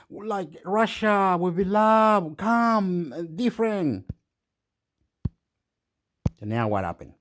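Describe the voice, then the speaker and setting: A man ranting at length, swinging between muttering and shouting and swearing a lot. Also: sits high, animated, slow, pauses often. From Australia. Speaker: vlogger reacting to clips. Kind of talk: rambling rant.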